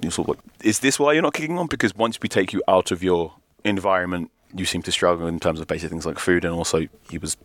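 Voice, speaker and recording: Deep, fast-talking man. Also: level tone, no room sound. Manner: quick, jokey, rambling asides. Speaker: podcast co-host. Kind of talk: casual sports chat.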